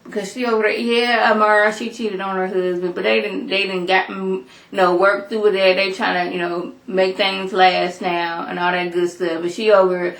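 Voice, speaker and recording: A woman's voice: mid-range voice, flat delivery, normal speed, hardly any pauses, fairly bright tone. A woman giving a casual, opinionated recap of a TV episode, talking it through with lots of asides. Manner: chatty, opinionated, storytelling with asides. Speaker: TV episode reviewer. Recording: echoey room.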